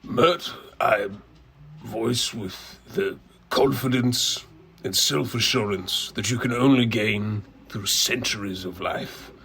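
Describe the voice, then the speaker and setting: A man's voice: fairly low pitch, fairly bright tone, slight background noise. A man game master voicing a centuries-old, self-assured elder with exaggerated plosives.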